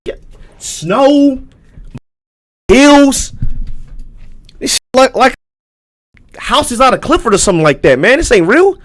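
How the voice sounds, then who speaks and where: A man's voice: extremely high pitch, very animated, slow pace, long pauses, a bit bright. A man streamer reacting live to videos, talking in a loose, slangy and profane way with frequent asides to his viewers.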